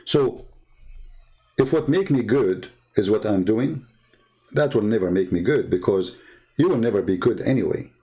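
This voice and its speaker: A man's voice: fairly low pitch, lively intonation, normal speed, long pauses, mellow. A man, a Christian debater, talking in an earnest, emphatic, casual monologue and often repeating himself.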